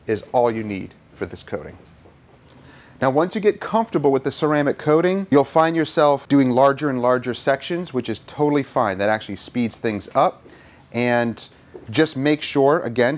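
A man hosting a car detailing video, giving relaxed, plain-spoken step-by-step instructions with some easygoing teasing. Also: medium pitch. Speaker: car detailer and channel host. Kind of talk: hands-on instructional commentary.

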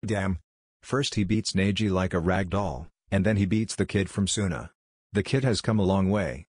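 A man's voice: low-pitched, normal speed, husky, no room sound, clean studio sound. A man reading a smirking ninja guard. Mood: impressed. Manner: impressed, casual.

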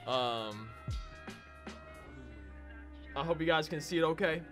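A man's voice: fairly high pitch, slow pace, fairly bright tone, faint music behind. A young man chatting casually to viewers as he unboxes a console, a bit out of breath. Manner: chatty, talks to viewers as y'all. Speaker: gaming YouTuber.

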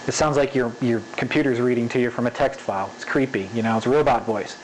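A man's voice: medium pitch, fairly even intonation, quick pace, hardly any pauses, a little hiss or hum, low-quality recording. A man teaching animation in a casual spoken tutorial, checking in often with "okay?" and repeating an example sentence with varied emphasis. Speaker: animation instructor.

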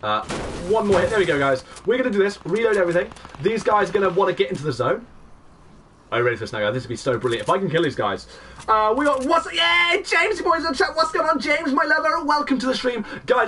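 A young man streaming a game, high-pitched and bouncing all over his range as he rattles through excited play-by-play. His voice sits a bit back from the mic. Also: recorded from a distance. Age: 20s. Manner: excitable play-by-play, greeting chat viewers. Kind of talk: live gameplay commentary.

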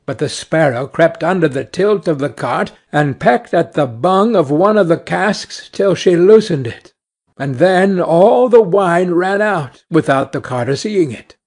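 A man narrating a fairy tale slowly and clearly for English learners. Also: on the high side, animated, a little mellow.

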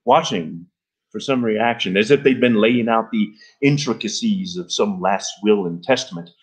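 A man reading a novel aloud in an expressive storytelling manner. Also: fairly low pitch, normal speed, breathy edge. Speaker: reader. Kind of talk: literary reading.

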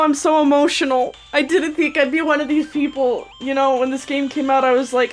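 A woman's voice: high-pitched, steady tone, moderate pace. A young woman hosting her own gaming channel, chatting emotionally to herself and the game characters as she opens card pulls. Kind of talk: casual gacha-pull commentary. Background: faint game music.

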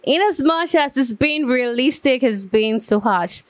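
Smooth-voiced woman reaction host. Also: high-pitched, expressive, a little slow, no room sound. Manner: chatty, repeats herself while thinking aloud. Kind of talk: casual reaction commentary.

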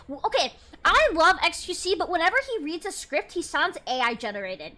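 A woman in her twenties, a streamer chatting casually and reacting to memes in an animated, excitable way. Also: very high-pitched, brisk, few pauses. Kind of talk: casual chat.

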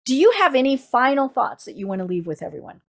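A podcast host with a Midwestern American accent speaks quickly in a high, sing-song voice. Running a casual interview, she chats freely, filling it with fillers and restarts.

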